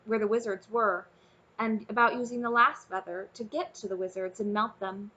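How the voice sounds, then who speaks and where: Bright-voiced woman reading a storybook. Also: a little high, dull audio. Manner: warm, expressive storytelling, casually addressing listeners. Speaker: audiobook narrator. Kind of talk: reading a children's fantasy novel aloud.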